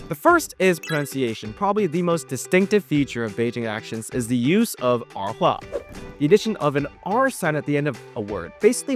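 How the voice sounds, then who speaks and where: Lively, playful explainer narrator. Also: mid-range voice. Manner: playful, jokey, expressive. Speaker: language teacher and narrator.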